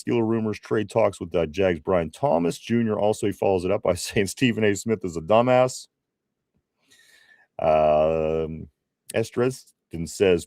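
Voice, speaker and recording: A man's voice: on the low side, warm tone, no room sound, clean studio sound. A man co-hosting a casual live stream, reading viewer comments aloud with laughs, restarts and teasing.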